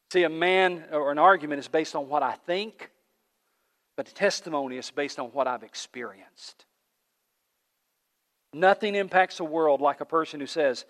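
A male pastor preaches to a gathered congregation in a fairly high voice, driving his points home through repeated phrases that build in intensity. The sound carries a long reverb tail from a large sanctuary. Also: fairly bright tone. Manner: emphatic, repetitive preaching cadence with rising builds. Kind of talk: sermon. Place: church sanctuary, livestreamed.

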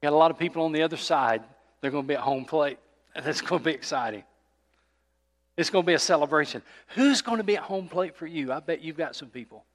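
A man's voice: a little high, fast talker, long reverb tail. A man, a pastor, giving a sermon in a conversational way, often asking his listeners questions. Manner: conversational preaching with rhetorical questions. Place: church sanctuary.

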